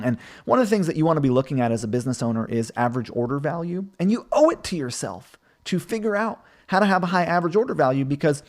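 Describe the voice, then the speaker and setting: With a mid-range, darkish voice, a man runs a live stream and responds to viewers' marketing questions in an informal, conversational manner, filling his speech with fillers.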